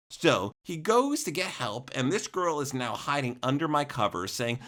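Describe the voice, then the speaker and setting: A young man, narrating a comic storytime in an animated, exaggerated way with jokey asides. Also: mid-range voice, moderate pace, hardly any pauses.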